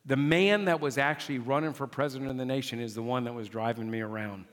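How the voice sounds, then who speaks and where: Male pastor, high bright voice, lively exclaiming sermon, long church reverb. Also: fast, slight background noise. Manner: animated, exclaiming, dramatic retelling. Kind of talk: sermon storytelling.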